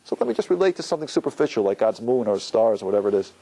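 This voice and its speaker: A rabbi giving an informal, conversational Torah lecture to a class, using many fillers and acting out quoted lines. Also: male voice, on the low side, big pitch swings, very fast, creaky, warm tone, low-quality recording. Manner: conversational, loose with fillers, acts out quotes with a rising voice.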